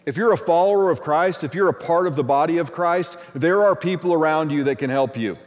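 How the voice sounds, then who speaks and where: Man preaching a sermon, kinda high voice, big church echo, repeats lines for punch. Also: a little fast, few pauses. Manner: preaching with repeated phrases and emphatic buildups. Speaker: lead pastor.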